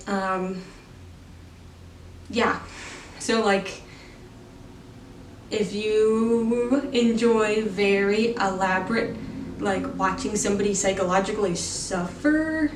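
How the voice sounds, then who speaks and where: A woman's voice: mid-range voice, reverberant, distant mic, slight background noise. A woman giving a casual spoken film review, chatty and full of fillers, laughing now and then. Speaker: movie reviewer.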